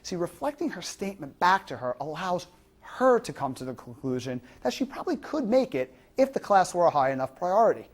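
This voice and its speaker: A woman's voice: fairly low pitch, sing-song, a little fast. A woman giving an instructional lecture to fitness trainers, explaining through examples and rhetorical questions.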